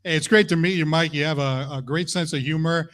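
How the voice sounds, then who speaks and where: A man's voice: fairly high pitch, steady tone, brisk, a bit bright. A male host of a variety show, effusive and enthusiastic as he praises and introduces guests.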